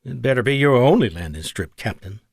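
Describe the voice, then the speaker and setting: Brief: man reading tough, teasing female fighter pilot, animated delivery, dry audiobook read. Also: mid-range voice, brisk, vocal fry, slightly rough, no room sound. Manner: playful, teasing. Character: woman fighter pilot, fiercely independent, teasing.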